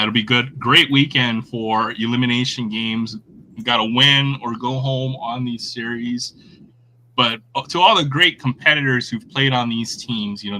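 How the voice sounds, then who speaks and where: Bright-voiced man hosting sports chat. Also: lowish voice, slight background noise, rough recording. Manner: friendly, rambling, lots of fillers and restarts. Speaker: host. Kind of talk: casual sports chat on a livestream.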